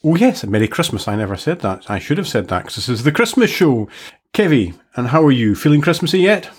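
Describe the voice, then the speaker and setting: A man's voice: mid-range voice, sing-song, fast talker, husky. A man co-hosting a casual tech podcast, talking with dry, self-mocking humour. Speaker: podcast co-host. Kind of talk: casual chat.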